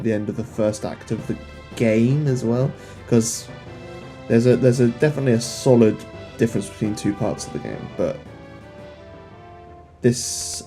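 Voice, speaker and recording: A young man hosts a let's play, casually commenting on his game in a mid-range, dark-toned voice. He rambles, pokes fun at himself, and jokes at the screen while faint game music plays behind him.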